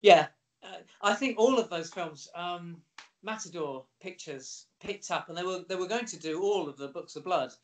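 A middle-aged man, an actor guest in a casual interview, telling animated, lively anecdotes. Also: high-pitched, moderate pace.

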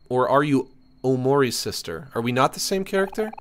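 A man's voice: mid-range voice, expressive, brisk, a little hiss or hum. A man streaming a game, reading its text aloud and joking between laughs. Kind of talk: casual let's-play commentary.

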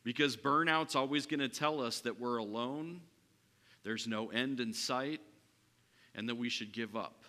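A man preaching a sermon as pastor, moving between raised, emphatic passages and hushed, soft ones. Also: mid-range voice, unhurried. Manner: swings from loud preaching to hushed, soft delivery. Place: large church hall. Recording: hall reverb from a church sanctuary.

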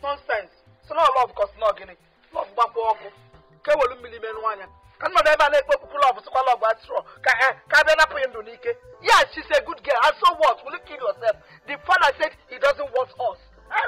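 A woman's voice: high voice, expressive, fairly quick, pushed and bright, soft background music, poor audio. An actress with a Nigerian accent playing a village mother who scolds her son insistently. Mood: dismissive. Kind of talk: film acting.

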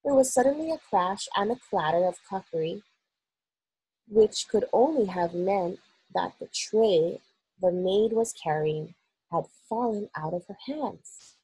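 A woman reading a children's novel aloud in an expressive, measured storytelling manner. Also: medium pitch, husky, dry recording, low-quality recording.

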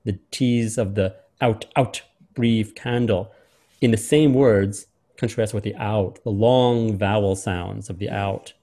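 A man hosting and lecturing, doing a close reading of a speech and drawing out key words in a measured way. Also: on the low side, steady tone, dark tone. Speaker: host and lecturer.

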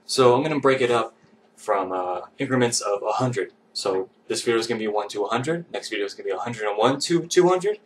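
A man's voice: medium pitch, lively intonation, fairly quick. A man talking casually to camera in a vlog, goofy and self-mocking, rambling from one idea to the next. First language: English. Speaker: vlogger. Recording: distant mic with faint noise.

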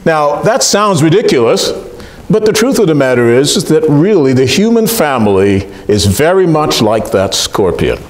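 A male pastor preaching a sermon, animated, often putting questions to the congregation. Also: on the high side, normal speed, roomy sound.

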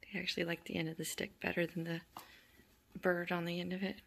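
A woman in an indoor room who plays with kittens and laughs a lot, using high sing-song baby talk that drops to soft whispers, then calmly explaining how to socialize them. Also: quick pace, gravelly. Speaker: animal rescue volunteer. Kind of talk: casual narration while playing with kittens.

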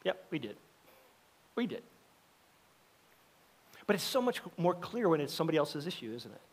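Conversational middle-aged pastor preaching. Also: male voice, fairly high pitch, moderate pace, slightly rough. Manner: conversational and animated, acting out quoted voices. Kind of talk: sermon. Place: church sanctuary.

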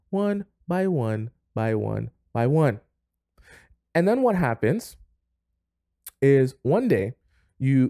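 A man's voice: medium pitch, warm tone, no echo, studio quality. A man delivering dating advice straight to camera in an emphatic, lecturing rant full of repetition.

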